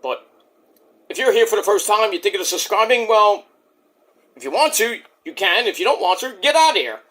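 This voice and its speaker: A man's voice: high-pitched, animated, brisk, bright, forceful tone. A man giving a brash, boastful, rambling spiel to open his own channel's video. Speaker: YouTuber.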